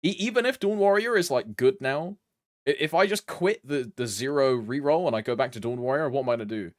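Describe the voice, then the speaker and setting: A man's voice: mid-range voice, lively intonation, brisk, no echo, studio quality. A young man from Britain chatting casually with his live-stream chat, rambling and humming between lines. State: allergies flaring up.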